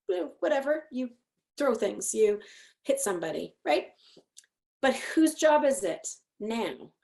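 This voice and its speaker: A middle-aged woman psychologist giving an educational talk, telling lively stories and acting out what people say. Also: on the high side. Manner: animated storytelling, acting out quotes. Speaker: clinical psychologist presenting.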